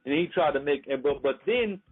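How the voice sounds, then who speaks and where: A man's voice: a little high, lively intonation, fairly quick, slightly rough. Indignant young man on a phone line. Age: young adult. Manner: indignant rebuttal, many "um" fillers. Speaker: debater. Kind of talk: heated online debate. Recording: phone-like line, faint music.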